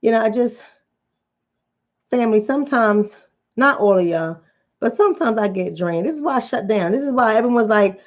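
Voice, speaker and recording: A woman's voice: on the high side, expressive, normal speed. A woman with a Bronx accent giving a blunt, fired-up vlog monologue as a commentator and coach. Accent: New York, Bronx. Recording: slightly dull lo-fi audio.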